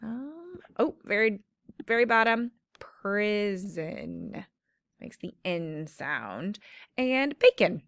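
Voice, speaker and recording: A woman teacher giving a slow, clear phonics lesson to children, stretching out the sounds of words. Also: fairly high pitch, very animated, fairly bright tone, dry recording.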